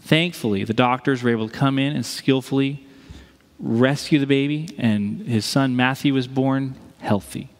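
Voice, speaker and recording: A man's voice: medium pitch, moderate pace, in a large hall. A male pastor delivering a conversational sermon, telling a story and acting out the voices of the people in it.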